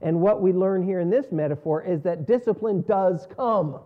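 A man preaching a sermon in an earnest style, rising on key words and falling low at the ends of phrases. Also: moderate pace. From North America. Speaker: pastor. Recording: dull lo-fi sound.

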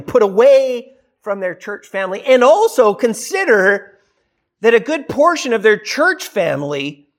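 A preacher delivering a sermon in a conversational way, asking the listeners rhetorical questions and now and then acting out what people might say. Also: medium pitch.

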